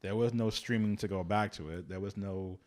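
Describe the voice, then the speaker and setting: A man co-hosting a podcast in casual chat, animated and sarcastic, swearing freely. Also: on the low side, brisk. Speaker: podcast co-host.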